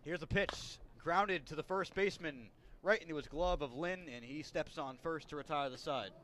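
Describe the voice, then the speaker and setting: A man calling a baseball game play-by-play with a slightly high voice. He keeps it relaxed and chatty between pitches and lifts it when a play happens. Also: moderate pace. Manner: relaxed, chatty, rises on big plays. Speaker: play-by-play announcer.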